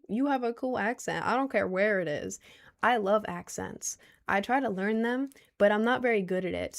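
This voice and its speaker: A woman's voice: mid-range voice, gravelly. A woman of twenty chatting casually on a stream, answering viewer questions in a rambling, giggly way with lots of restarts. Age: 20s.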